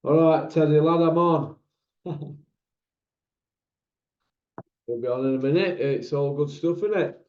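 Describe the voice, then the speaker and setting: A man's voice: fairly high pitch, a little slow, pauses often. A man hosting a casual chat, full of teasing, laddish banter. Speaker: host. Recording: roomy, dull lo-fi sound.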